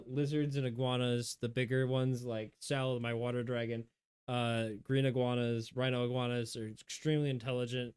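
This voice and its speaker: A man chatting casually on a stream about his pet reptiles, explaining their behavior and coaxing them in a high, playful voice. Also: clear, resonant tone. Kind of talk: casual chat with pets on stream.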